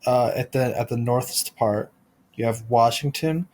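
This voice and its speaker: Slow, rambling man doing deadpan comedy. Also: mid-range voice, a little hiss or hum. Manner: rambling, halting, full of restarts and absurd tangents. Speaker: podcast host.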